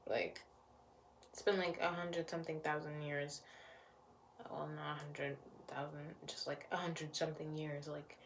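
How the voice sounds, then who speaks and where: A woman's voice: low voice, level tone, normal speed, vocal fry, slight background noise. A woman chatting casually as a vlogger reviewing a TV series, rambling and repeating phrases for emphasis. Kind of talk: casual chat.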